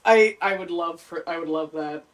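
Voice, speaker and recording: A woman's voice: fairly low pitch, normal speed, recorded from a distance. A young woman from Canada co-hosting a podcast, chatting casually and animatedly, swearing and slipping into silly voices. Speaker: podcast co-host. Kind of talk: casual chat.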